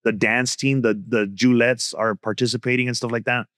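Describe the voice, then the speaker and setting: Young comedian dude, animated storytelling, dry close mic. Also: male voice, medium pitch, brisk, dry recording. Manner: animated, code-switching slang. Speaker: comedian guest. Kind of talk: casual storytelling chat.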